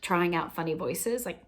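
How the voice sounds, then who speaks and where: Slow, gravelly-voiced woman coaching softly. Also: on the low side, background noise. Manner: gentle, unhurried, often drops to a near whisper. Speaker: laughter coach. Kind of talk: instructional talk.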